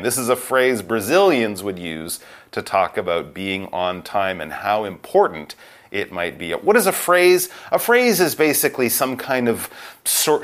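A man co-hosting an English lesson, explaining a phrase to learners with clear, patient delivery and acted example quotes. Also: on the low side, a bit bright. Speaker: co-host of an English lesson podcast.

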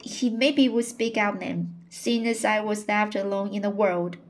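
A woman's voice: medium pitch, fairly even intonation, a little slow, lightly acted. A woman reading the part of a tearful forty-year-old spinster woman, plainspoken and aggrieved as she pours out her complaints.

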